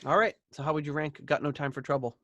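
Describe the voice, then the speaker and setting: A man's voice: a little high, fairly even intonation, fast talker, sharp tone, no room sound, muffled recording. A man in his thirties hosting a podcast, chatting casually and rambling about an album, laughing easily. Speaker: podcast host. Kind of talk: casual album review chat.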